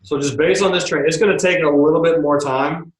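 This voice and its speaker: A man's voice: fairly high pitch, fairly even intonation, brisk, echoey room, recorded from a distance, low-quality recording. A man hosting a stock trading show, chatting casually and joking as he answers viewer questions. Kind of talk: casual livestream market commentary.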